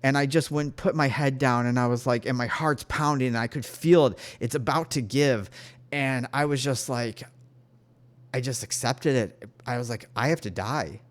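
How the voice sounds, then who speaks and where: A man speaks straight to his viewers about a spiritual experience, at an ordinary middle pitch. His delivery is earnest and emotional, and he keeps breaking off and restarting his sentences. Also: fairly even intonation, normal speed. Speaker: spirit guide. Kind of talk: personal spiritual storytelling to camera.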